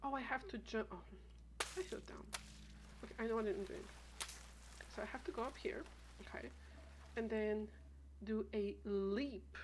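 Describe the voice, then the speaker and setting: A woman's voice: a little high, moderate pace, pauses often. A woman streaming a game, chatting casually and thinking aloud with many restarts and trailing thoughts. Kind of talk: casual gameplay chat. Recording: steady background noise.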